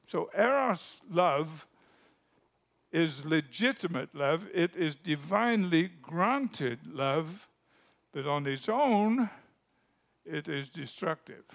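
Slow, gravelly-voiced male preacher. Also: fairly high pitch, lively intonation. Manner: deliberate, emphatic, phrases trailing off softly. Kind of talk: sermon.

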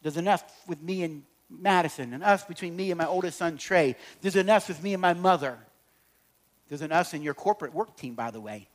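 Animated middle-aged man telling stories. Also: fairly high pitch, a little fast. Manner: animated, swings from loud to quiet. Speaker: speaker on relationships. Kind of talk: humorous storytelling talk to an audience.

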